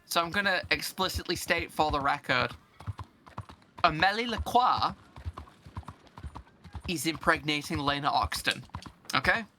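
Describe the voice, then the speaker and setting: Streamer, casual gaming chat, joking, animated, bright voice, desk mic. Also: mid-range voice, a little slow, pauses often, slight background noise. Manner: animated, joking, playful put-on accents.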